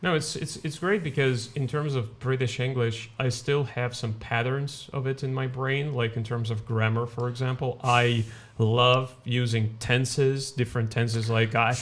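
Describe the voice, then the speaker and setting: A man with a Russian accent talks as a podcast guest in a mid-pitched voice. He hesitates often, repeats himself as he searches for words, and breaks into laughter while telling stories. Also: steady tone, a little slow, hardly any pauses. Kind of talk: casual chat.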